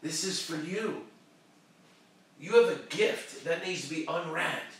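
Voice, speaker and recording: A man hosting a show and giving a fervent, preachy motivational pep talk that swings from shouting to hushed tones. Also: on the high side, measured pace, heavy reverb, recorded from a distance. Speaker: motivational live-stream host.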